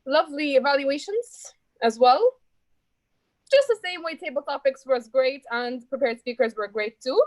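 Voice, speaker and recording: High, chatty woman encouraging a club. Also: no echo, low-quality recording. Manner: chatty, encouraging, calls people dear. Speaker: ah-counter at a speaking club meeting. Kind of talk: friendly report and breathing exercise.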